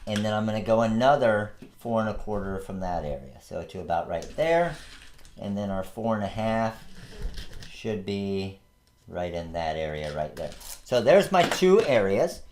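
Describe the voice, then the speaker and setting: A man's voice: on the low side, big pitch swings, moderate pace, a little mellow, a little hiss or hum. Chatty man demonstrating a craft project. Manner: chatty, explains each step while working. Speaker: host of a craft supply tutorial channel. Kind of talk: casual how-to demonstration.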